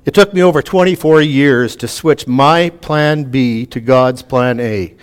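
A man's voice: medium pitch, unhurried, smooth. A man preaching a sermon to a room, earnest, reading scripture aloud with emphatic rises.

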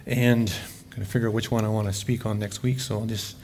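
A man's voice: lowish voice, level tone, brisk, darkish tone, a little hiss or hum. A middle-aged man giving a casual, folksy sermon as pastor, chatty and fond of saying "eh.".

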